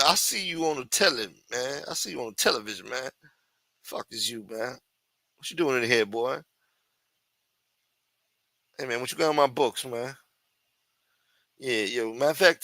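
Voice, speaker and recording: A man's voice: medium pitch, normal speed, long pauses, sharp tone, dry recording. A man putting on a taunting prison bully. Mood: menacing taunting. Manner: taunting, profane street talk. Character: menacing male prison inmate bully.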